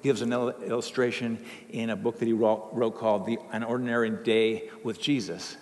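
A man's voice: mid-range voice, steady tone, moderate pace, big-room sound. A man giving a conversational sermon as a pastor, with some restarts.

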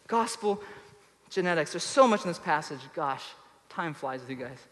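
A male pastor preaching a sermon emphatically, his voice swinging from loud to soft. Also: a little high, expressive, normal speed, big-room sound.

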